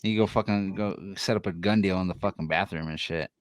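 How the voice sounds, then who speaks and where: A man's voice: deep voice, brisk, no room sound. A young man from Denver telling rambling, profane stories in a casual podcast chat, laughing as he goes. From Denver, USA. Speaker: podcast co-host.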